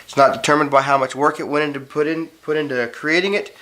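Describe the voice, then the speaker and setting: Animated male teacher, a little high-pitched, dramatic storyteller. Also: fast. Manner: dramatic, acts out scenes.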